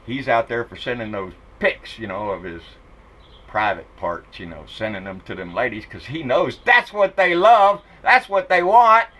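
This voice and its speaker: A man's voice: high-pitched, pushed and bright, low-quality recording. A middle-aged man, ranting about politics in a blunt, profane, mocking way. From Texas. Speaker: political vlogger.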